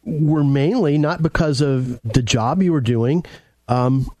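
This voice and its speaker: A man's voice: mid-range voice, takes it slowly, a little mellow, no echo. A man hosting a casual talk show in a plain mid-range voice. He talks loosely, laughs between points and stumbles into restarts. The sound is close and dry. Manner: chatty, laughs often, stammering restarts.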